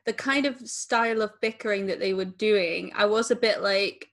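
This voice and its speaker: A woman talking casually about a film, excited and chatty. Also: mid-range voice, moderate pace, hardly any pauses. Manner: excited, laughing often, chatty.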